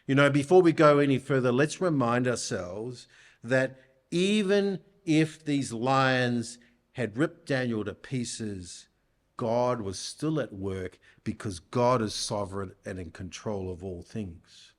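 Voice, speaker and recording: This is a man preaching a sermon in a church, taking his time over each phrase. He speaks at an unhurried pace, in a voice of middling pitch, and keeps asking his listeners rhetorical questions to press his points home.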